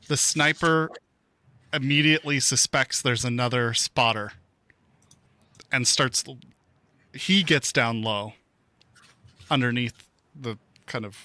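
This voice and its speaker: Unhurried bright-voiced man running the game. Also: medium pitch, no room sound. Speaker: game master. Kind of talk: narrating a tabletop game.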